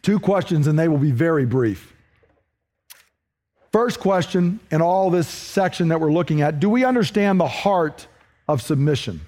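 A man preaching a sermon, earnest and questioning, moving between emphatic points and hushed, slowed lines. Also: fairly high pitch, lively intonation. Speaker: pastor.

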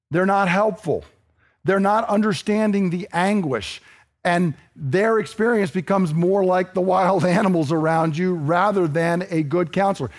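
High-voiced earnest male preacher. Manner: earnest, building to emphatic intensity. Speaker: pastor. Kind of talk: sermon.

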